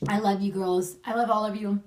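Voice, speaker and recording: A woman's voice: mid-range voice, flat delivery, brisk, recorded from a distance. Chatty woman laughing through home advice. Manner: warm, chatty, laughs often. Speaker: friend giving marriage advice. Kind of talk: casual video message.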